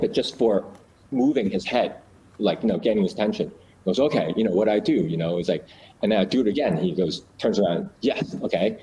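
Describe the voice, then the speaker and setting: Man, low voice, casual storytelling, lots of fillers and restarts, faint background hiss. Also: a little mellow, poor audio. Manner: storytelling, many fillers and restarts, acts out little scenes. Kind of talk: casual explanatory chat.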